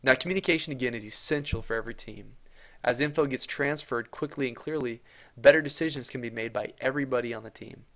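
A man's voice: mid-range voice, fast. A man coaching viewers on team communication in an instructional talk, working through numbered points with frequent restarts. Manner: plain explanatory delivery with restarts and lists. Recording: dull lo-fi recording.

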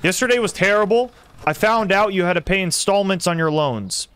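Excitable young male game streamer. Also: high voice, fairly quick, clear, resonant tone. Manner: excitable, talks to chat while playing. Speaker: gaming streamer. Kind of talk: live gameplay commentary.

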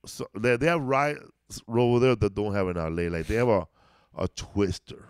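A man's voice: lowish voice, normal speed, clean tone, dry recording, clean studio sound. Rambling man telling stories. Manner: rambling storyteller, peppers talk with "bro" and "dog". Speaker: podcast co-host, comedian. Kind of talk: casual chat.

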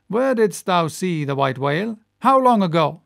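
A man voicing a gruff, obsessed old one-legged sea captain who speaks in a blustery, bellowing way, in an audiobook reading. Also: high voice, very animated, normal speed, a bit bright, exaggerated voice. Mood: fierce.

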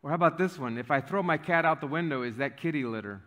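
Bright-voiced pastor in an echoing sanctuary. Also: male voice, fairly high pitch, quick pace. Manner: joking, conversational preaching with fillers. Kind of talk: sermon. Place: church sanctuary. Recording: reverberant church hall.

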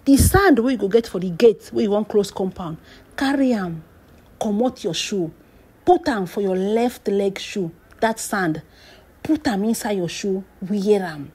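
A woman with a Nigerian Pidgin accent spins gossip like a drama, her voice husky and breathy at an everyday mid pitch. She draws out key phrases, slips into hushed whispers, then jumps up with sharp exclamations. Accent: Nigerian Pidgin English. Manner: emphatic, drawn-out phrases, whispered asides, sudden exclamations. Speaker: celebrity gossip commentator.

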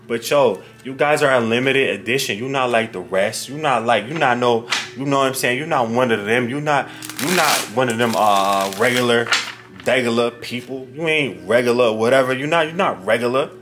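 A man giving a casual tarot card reading to his viewers, talking straight to them in a slangy, animated way. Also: medium pitch, normal speed, noisy background. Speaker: tarot reader.

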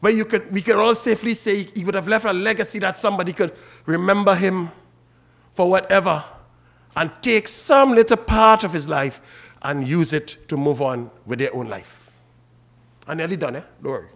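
A man's voice: high-pitched, moderate pace, creaky, fairly bright tone. A man with a Trinidadian accent preaching a funeral sermon and calling out to the mourners by name. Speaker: officiating minister at a funeral.

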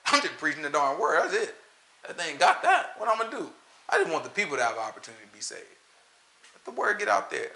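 A man preaching a casual, conversational sermon, animated and talking straight to his listeners. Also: a little high, fast. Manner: animated, talks straight to listeners, often asks "you know what I'm saying?". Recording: roomy echo.

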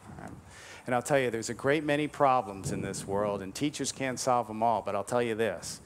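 A man's voice: mid-range voice, slight background noise. Man lecturing, punctuating with "all right?". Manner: keeps tagging points with "all right?"; emphatic, slows down on key advice. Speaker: conference speaker to golf teachers. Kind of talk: motivational lecture.

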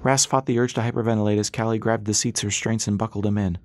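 A man narrating an audiobook in a brisk, steady storytelling manner. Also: lowish voice, dry recording. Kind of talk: scripted narration.

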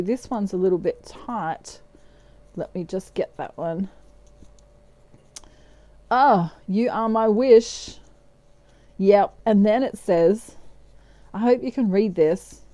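Woman, tarot reader, casual reading, playful, slow, dry close sound. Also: medium pitch, dark tone, dry recording. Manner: playful, breaks into snatches of song and laughs.

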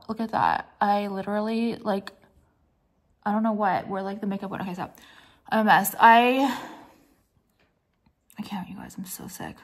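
A woman talks straight to her viewers at home in a loose, rambling way, stringing thoughts together with plenty of "like" and "um" and dropping casual swear words. She sounds out of breath and a little worn down from feeling sick, with a mid-range voice. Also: mid-range voice. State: out of breath and nauseous. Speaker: jewelry brand owner and vlogger. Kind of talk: casual vlog chat.

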